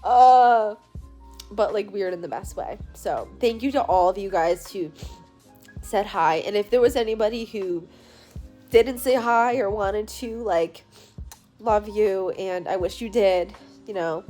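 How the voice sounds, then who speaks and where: A woman's voice: mid-range voice, a little slow, warm tone, faint music behind. A tired young woman in a hotel room bed, recapping her day in a chatty, gushing vlog full of "like" fillers, recorded on a handheld phone. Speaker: powerlifter vlogger.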